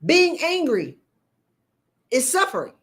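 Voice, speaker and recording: A woman coach, talking bluntly to viewers on a live stream and preaching at them with animated energy. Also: high voice, takes it slowly. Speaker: leadership coach. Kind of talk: live-stream motivational talk.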